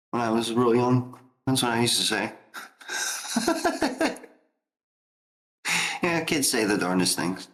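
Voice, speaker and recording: An animated man hosting a casual podcast. He tells stories with lots of laughter, his voice at a middle pitch. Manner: animated storyteller who laughs often. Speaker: podcast host. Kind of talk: casual chat.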